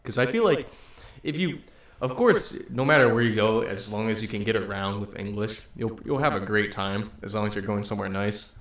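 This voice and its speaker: A man's voice: on the low side, a bit bright. A man in casual podcast chat, asking long, rambling questions and sharing stories. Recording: echoey room.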